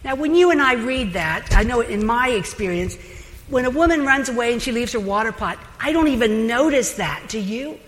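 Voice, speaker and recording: A woman's voice: a little high, lively intonation, normal speed, a bit bright. A woman giving a chatty, conversational sermon as a Bible teacher. She speaks animatedly, with asides and laughter. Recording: long hall reverb.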